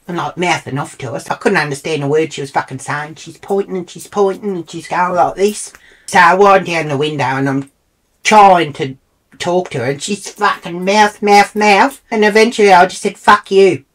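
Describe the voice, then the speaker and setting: A middle-aged woman with an Australian accent telling a comic story in a brash, foul-mouthed, indignant way. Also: low voice. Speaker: comedic storyteller. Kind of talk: comic monologue.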